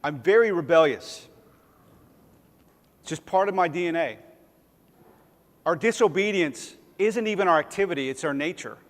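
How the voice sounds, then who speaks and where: This pastor's voice runs a little high and expressive, at a moderate pace with frequent pauses, echoing through the large church sanctuary. His sermon stays chatty and self-mocking, with occasional playful voices for characters.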